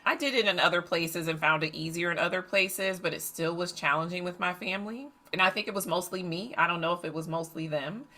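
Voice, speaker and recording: Animated woman coach telling a story. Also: lowish voice, fairly quick, few pauses. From United States. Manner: animated, acts out family dialogue. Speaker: coach and facilitator. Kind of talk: storytelling podcast monologue.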